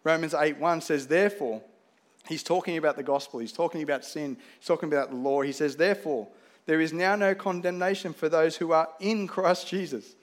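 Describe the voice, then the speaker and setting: Higher-voiced man preaching a sermon. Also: a little fast. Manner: conversational preaching with dramatized dialogue. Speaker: pastor.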